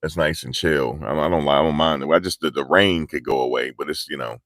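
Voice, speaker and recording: A man's voice: extremely low pitch, fairly quick, a bit bright, no echo. A man giving live, slangy street commentary outdoors in cold, rainy weather, pushing his energy up as he talks. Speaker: vlogger.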